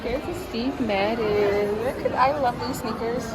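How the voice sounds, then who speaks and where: A woman talking casually to her phone camera in a vlog, excitable and chatty, full of fillers. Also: on the high side, slow pace, over loud music, over a noisy crowd, low-quality recording. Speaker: vlogger. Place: outdoors, then a station café and shops. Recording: outdoor noise behind the voice.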